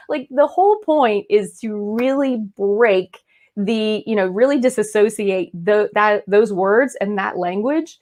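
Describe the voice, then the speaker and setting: A woman in her thirties co-hosting a podcast in casual chat, talking freely and laughing often. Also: a little mellow. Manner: chatty, laughs often, puts on squeaky voices to make a point. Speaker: podcast co-host.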